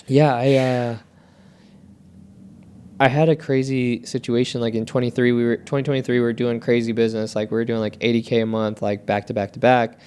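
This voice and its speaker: Casual podcast co-host, a man with a smooth, resonant voice who swears freely and rambles through stories. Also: mid-range voice, little pitch movement, a little fast, a little mellow. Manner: candid, profane, rambling storytelling. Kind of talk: casual chat.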